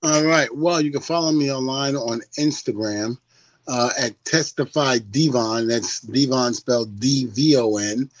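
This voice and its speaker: An older man chats as a podcast guest, animated and quick to laugh, swearing as he goes. His voice sits at a middle pitch. The sound is dry and close. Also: no room sound. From United States. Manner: animated storyteller who laughs often and swears freely. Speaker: guest, former wrestler. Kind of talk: casual podcast chat.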